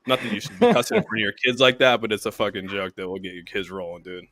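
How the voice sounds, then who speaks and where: A man's voice: lowish voice, quick pace, fairly bright tone. A man in his thirties and a father, co-hosting a casual show, telling a long rambling joke full of swearing. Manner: rambling storyteller, swears often. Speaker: podcast co-host. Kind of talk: casual chat.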